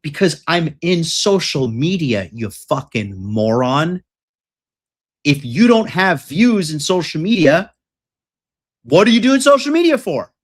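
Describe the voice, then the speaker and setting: A man's voice: a little high, big pitch swings, unhurried. A man coaching on dating and success in a ranting monologue, profane, boastful and combative.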